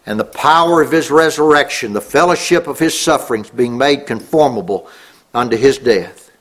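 A middle-aged man preaching a sermon, earnest, rising on key words and dropping low. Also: lively intonation, moderate pace.

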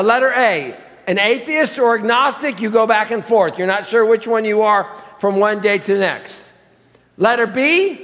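A man's voice: very high voice, fairly bright tone, long reverb tail. A pastor preaching a sermon, emphatic, reading scripture and putting pointed questions to his congregation. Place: church sanctuary.

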